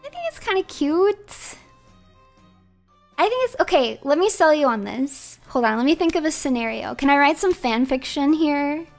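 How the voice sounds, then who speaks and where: A female livestreamer chats casually, animated and playful, and laughs often. Her voice sits high, and soft music plays faintly behind her. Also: brisk, creaky, hardly any pauses. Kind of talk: casual chat.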